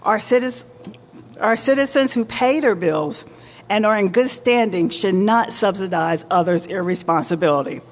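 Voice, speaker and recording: A woman mayor giving a formal public address with deliberate, emphatic oratory in a large indoor market hall. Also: mid-range voice, a little hiss or hum. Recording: long reverb of a large hall.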